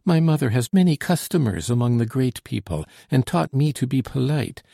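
A man's voice: mid-range voice, expressive, normal speed, gravelly, dark tone, dry recording, clean studio sound, voice pushed up. A man putting on a frightened young laundress girl. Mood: pleading. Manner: pleading, trembling, politely ironic.

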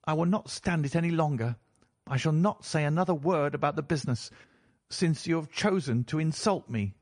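A man's voice: on the high side, normal speed, darkish tone, dry recording, clean studio sound, natural voice. A man voicing a defiant young man. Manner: defiant, proud. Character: indignant young man accused of theft.

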